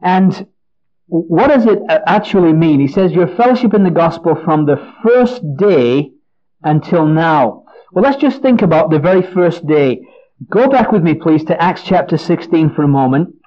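A man's voice: a little high, animated, normal speed. A man preaching an earnest Bible-teaching sermon, often restarting and repeating words as he explains a passage. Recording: dull lo-fi recording.

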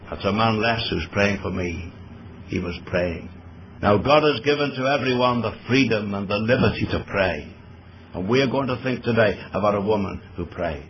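A man preaching a sermon earnestly, pointing his listeners to scripture with shifting emphasis. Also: mid-range voice. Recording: dull lo-fi recording with faint background noise.

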